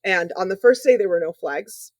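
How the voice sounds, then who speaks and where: A woman's voice: fairly low pitch, moderate pace, no echo. A woman music teacher chatting casually on a podcast, upbeat and full of fillers.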